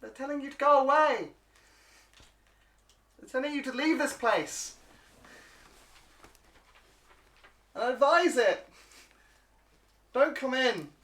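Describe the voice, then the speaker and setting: A man voicing a nervous small kobold guard who barks warnings in a high, squeaky put-on voice, heard in an echoey room. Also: animated, a little slow, pauses often, fairly bright tone, heavily acted.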